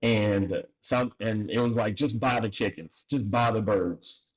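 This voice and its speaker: A man's voice: on the low side, measured pace, slightly rough, rough recording. A man, a farmer and podcast guest from North Carolina, telling a story in a casual interview and acting out the dialogue. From North Carolina, USA. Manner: animated, acts out dialogue with laughs.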